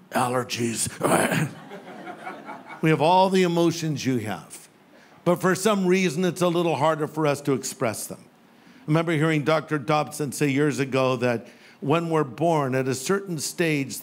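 Older male pastor preaching, light and funny, voice a touch high. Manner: humorous storytelling with playful quoted voices. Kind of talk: sermon. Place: church sanctuary with live audience.

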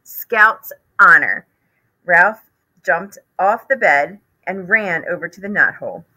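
A woman teacher reading a children's chapter book aloud in an expressive, animated way. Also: lowish voice, measured pace, husky, low-quality recording.

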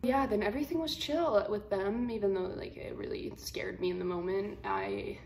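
A twenty-year-old woman vlogging, telling a story to camera in a blunt, slangy, animated way. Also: medium pitch, normal speed, vocal fry. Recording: roomy echo, faint room hum.

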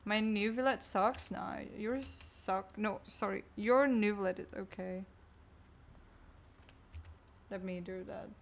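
Slow-talking woman streamer chatting. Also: medium pitch, creaky. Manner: chatty, distracted, answering chat aloud. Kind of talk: casual livestream chat while gaming.

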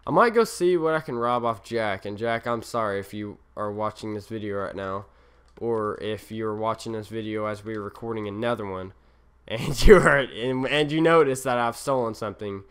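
Young guy rambling thru his gameplay, laughs at himself a lot, bright crisp voice. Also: on the low side, normal speed. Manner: rambling, self-mocking, easily distracted. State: tired. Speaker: gaming channel host. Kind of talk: Let's Play commentary.

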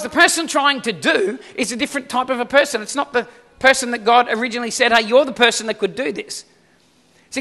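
A man's voice: extremely high pitch, bright, forceful tone. A man preaching a sermon as pastor, conversational and full of questions to the congregation. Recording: reverberant hall.

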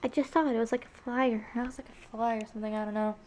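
A woman's voice: fairly high pitch, fairly even intonation, very fast, a little mellow, slight background noise. A teenage girl chatting casually as she films herself at home on a handheld camera, narrating what she does. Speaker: vlogger. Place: home kitchen, indoors.

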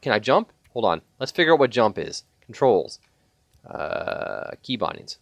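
A man playing a survival video game and talking through it in casual commentary, chatty and profane, with sudden excited yelps. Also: mid-range voice, a little slow, gravelly, dry recording, dull audio. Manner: chatty, swears a lot, bursts into excited yelps. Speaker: gaming channel host. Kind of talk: let's play commentary.

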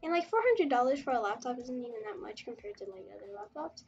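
High-voiced chatty woman streamer. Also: expressive, fast, darkish tone, dull audio, faint music behind. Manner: chatty, rambling, reacting to chat, giggly. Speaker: webtoon artist streamer. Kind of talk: casual livestream chat while drawing.

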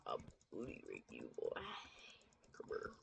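Excitable trash-talking woman gamer. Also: extremely low pitch, measured pace, vocal fry, slight background noise. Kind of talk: gameplay commentary.

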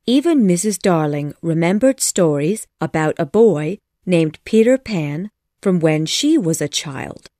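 A woman reads a children's story aloud at an unhurried, measured pace. Her tone is mellow and soft, with a lively rise and fall through the sentences. The recording is close and dry. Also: lowish voice, no echo. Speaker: audiobook narrator. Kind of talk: scripted narration.

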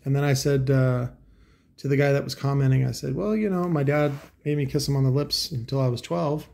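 Gravelly, dark-voiced man ranting casually. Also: mid-range voice, fairly even intonation, brisk. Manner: profane, sarcastic, full of asides. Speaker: host. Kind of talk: casual rambling commentary.

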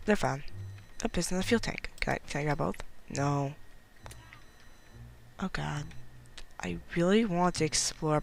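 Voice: mid-range voice, creaky, fairly bright tone, low-quality recording. Giggly, jumpy gameplay commentator. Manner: chatty, giggly, self-mocking; jumpy and nervous when danger is near. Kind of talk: casual let's-play commentary.

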